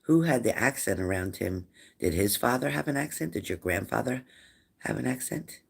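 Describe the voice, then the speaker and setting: A man's voice: medium pitch, animated, normal speed, gravelly, slightly rough. A man hosting a live-stream spirit reading as a medium, who asks viewers the same probing questions again and again. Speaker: psychic medium.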